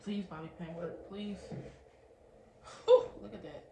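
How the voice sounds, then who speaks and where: A woman's voice: mid-range voice, steady tone, measured pace, gravelly, warm tone. A young woman, chatting casually to viewers as "y'all" while unboxing and reviewing a product. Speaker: beauty vlogger reviewing a product. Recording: echoey room with faint background hiss.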